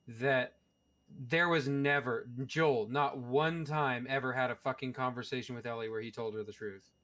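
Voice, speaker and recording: Guy cohosting a podcast, mid-pitched voice, swears constantly, argues his point hard in a loose casual rant. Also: steady tone, normal speed, fairly bright tone. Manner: profane, opinionated ranting. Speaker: podcast co-host. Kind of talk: casual chat.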